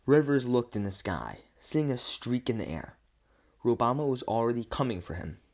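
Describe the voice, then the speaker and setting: A man reading an absurd comic story aloud in a deadpan way, often stumbling and restarting words. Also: medium pitch, moderate pace.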